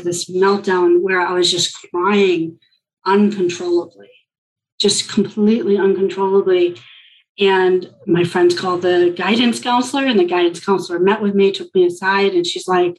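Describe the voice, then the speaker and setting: A woman's voice: mid-range voice, rough recording. A woman guest telling her personal story in an interview, reflective and full of filler likes.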